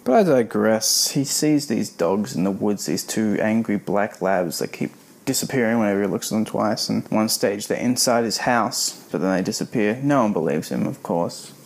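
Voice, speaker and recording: A man's voice: lowish voice, moderate pace, gravelly. A man giving a rambling, sarcastic spoken review of a children's horror book.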